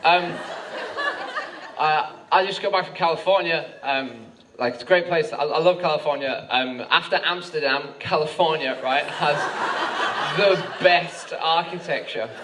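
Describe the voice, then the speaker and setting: A man's voice: fairly high pitch, measured pace, a bit bright. A young Australian man doing a rambling stand-up comedy set, full of filler words, with bursts of frantic ranting. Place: comedy club stage with laughing audience. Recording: noisy live club recording from a distance.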